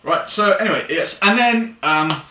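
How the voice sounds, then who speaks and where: A man's voice: a little high, lively intonation, moderate pace, sharp tone, slight background noise. A young man co-hosting a casual film review, rambling with fillers and giggling. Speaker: co-host of a film review show. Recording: echoey room, mic at a distance.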